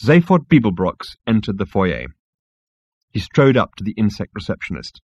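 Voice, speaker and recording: Deadpan male narrator, lowish, lively delivery, dry booth. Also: normal speed, breathy edge, dry recording, muffled recording. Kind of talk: scripted narration.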